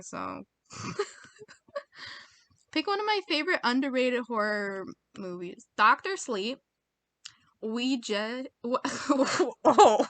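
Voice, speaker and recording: A woman's voice: a little high, bright, forceful tone, dry recording. A young American woman reading quiz options aloud in casual chat, giggly and self-mocking, muttering as she goes. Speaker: video creator taking online quizzes.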